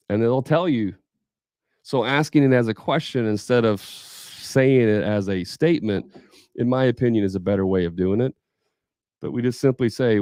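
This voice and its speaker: A man's voice: fairly low pitch, brisk, mellow, no echo, studio quality. A man leading a live sales training for contractors, talking casually, thinking aloud and acting out customer conversations.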